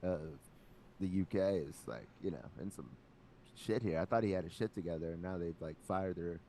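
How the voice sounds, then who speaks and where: Man, podcast co-host, very deep voice, rambling, lots of fillers, casual chat. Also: brisk, mellow, a little hiss or hum. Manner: rambling, heavy use of "like".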